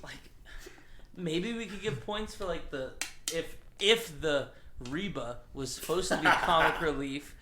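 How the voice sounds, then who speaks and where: A man's voice: a little high, measured pace, noisy background. A man hosting a casual podcast chat, sardonic, often trailing off and restarting. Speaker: podcast host.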